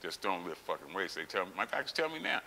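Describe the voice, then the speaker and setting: A middle-aged man, a former champion weightlifter, telling his story in a gym with heavy profanity and loud, acted-out outbursts. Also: low voice, very animated, quick pace, gravelly. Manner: profane, emphatic, acts out quotes with loud outbursts. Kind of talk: candid interview storytelling. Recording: long reverb with faint hiss.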